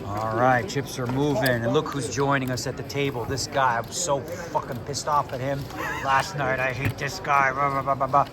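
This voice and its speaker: A man's voice: medium pitch, flat delivery, moderate pace. A middle-aged Canadian man vlogging casually to camera, chatty and joking, swearing freely as he explains poker hands. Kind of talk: casual vlog talk to camera. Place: busy casino tournament room. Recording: crowd chatter behind.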